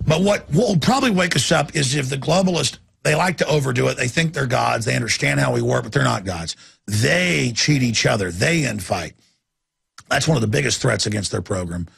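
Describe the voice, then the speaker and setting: A man's voice: mid-range voice, animated, fairly quick, a bit bright, dry recording, studio quality. A middle-aged man hosting a talk show, ranting intensely and acting out voices as he goes. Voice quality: gravelly. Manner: intense, acts out voices mid-rant. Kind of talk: impassioned talk-radio rant.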